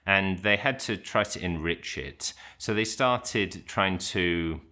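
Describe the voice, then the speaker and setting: A middle-aged man with a very low voice that still comes across bright and forceful. He talks casually and reflectively, thinking aloud, with plenty of fillers, false starts and restarts. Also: slow. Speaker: English teacher and channel host. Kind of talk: casual reflective talk to camera.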